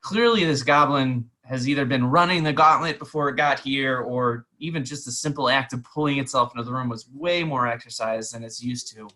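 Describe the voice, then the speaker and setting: Bright-voiced man narrating a game. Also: medium pitch, fairly quick, few pauses. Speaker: game master.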